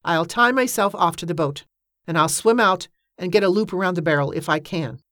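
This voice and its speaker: A woman voicing a desperate, defiant young man who shouts and pleads. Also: on the low side, brisk, dry recording, studio quality, natural voice. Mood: determined.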